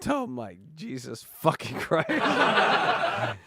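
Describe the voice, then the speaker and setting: A man hosting a comedy podcast, cutting in with sarcastic asides and loud exclamations. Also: mid-range voice, wildly swooping pitch, slow pace, breathy edge. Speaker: podcast host.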